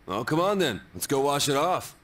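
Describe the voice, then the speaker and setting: An actor voicing a blunt, tough teenage boy in a video game, with a gruff manner. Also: mid-range voice, sing-song, moderate pace, a bit bright. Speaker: game character. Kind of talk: English game dub.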